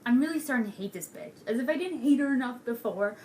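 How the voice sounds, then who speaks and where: A young woman casually recapping a TV episode, gushing and excitable, swearing freely. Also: on the high side, fast, a little hiss or hum.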